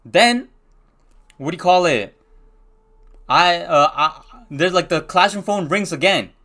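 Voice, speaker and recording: A young man from Pakistan telling a story from his school days in a casual storytime, slangy and excitable, full of restarts. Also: sits high, unhurried.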